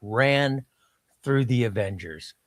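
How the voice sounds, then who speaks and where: A man's voice: medium pitch, animated, slow pace, no room sound, studio quality. A man hosting a casual chat, rambling and repeating words as he talks. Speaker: host.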